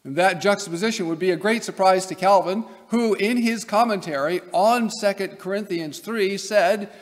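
A man's voice: high-pitched, normal speed. A man from Nebraska giving an academic lecture as a seminary professor, emphatic, with wry asides. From Nebraska, USA. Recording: long hall reverb.

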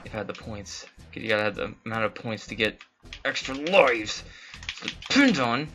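A let's play host giving live gameplay commentary, excitable, swearing often and talking to the game. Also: mid-range voice, a little fast, soft background music.

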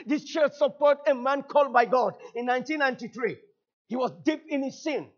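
Preaching fervently as a guest pastor, this man from Cameroon repeats phrases and climbs to shouts, his Cameroonian French accent reflecting French as his first language. His voice is very high-pitched and his pace moderate, and the recording is muffled.

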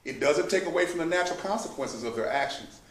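Guy preaching a sermon, high voice, bursts out emphatic, echoey church room. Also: lively intonation, quick pace. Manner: preaching, rising to emphatic outbursts. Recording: echoey room, mic at a distance.

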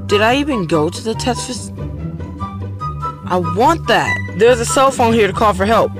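A man's voice: very high voice, lively intonation, normal speed. A man hosting a gaming video, chatting casually and reacting aloud as he plays. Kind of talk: casual gameplay commentary. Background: game music.

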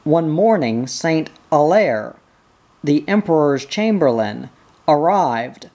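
A reader narrating a history book in an even, measured manner. The pace is markedly slow and careful, with each phrase given room. The voice sits at a middle pitch. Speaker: audiobook reader. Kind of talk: reading a history book aloud.

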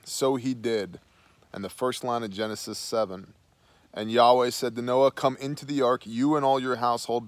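A man's voice: medium pitch, no echo. A man hosting a Bible study, reading scripture aloud and then dropping into slangy, casual asides.

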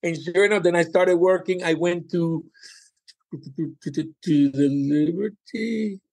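A man, a comedian and former cruise director, telling stories in a casual interview, animated and laughing often. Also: on the high side, measured pace, creaky.

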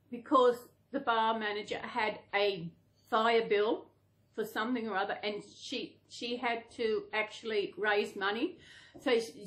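A middle-aged Australian woman chatting casually to camera, rambling and correcting herself as she goes. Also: on the high side. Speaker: doll collector vlogger.

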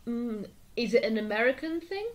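A woman's voice: fairly high pitch, lively intonation, moderate pace. A woman co-hosting a podcast, talking thoughtfully and casually about a play. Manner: thoughtful, reflective, reads quotes aloud. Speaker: podcast co-host.

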